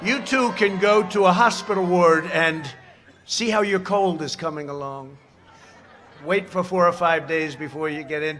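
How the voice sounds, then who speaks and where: A man's voice: on the high side, moderate pace. A man giving a campaign speech at a rally, boastful and sarcastic, drifting off into rambling asides. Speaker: politician addressing a rally. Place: large rally venue. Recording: loud cheering crowd at a rally.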